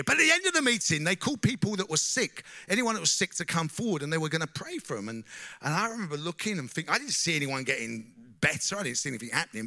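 A middle-aged man tells his story to a church audience, his high voice sharp and forceful. He keeps turning to the listeners with questions and a steady "you know?". The sound is close and dry. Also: dry recording. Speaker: speaker giving a testimony. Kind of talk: personal testimony to a church audience.

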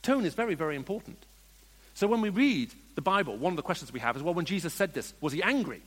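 A man preaching a sermon, slipping from hushed storytelling into emphatic, rising questions put to his listeners. His voice sits a little high for a man, and a long reverb from a large hall trails after each phrase. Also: very animated, quick pace, breathy edge.

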